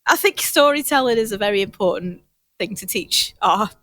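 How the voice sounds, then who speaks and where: A woman's voice: medium pitch, animated, normal speed, fairly bright tone, no room sound. A woman co-hosting a podcast, chatting casually about films in a rambling way and laughing through her words. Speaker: podcast co-host.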